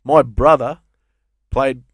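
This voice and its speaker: An Australian comedian in his fifties, appearing as a podcast guest, tells rambling stories laced with swearing in a casual chat. His mid-range voice is steady and slow, captured in a dry recording.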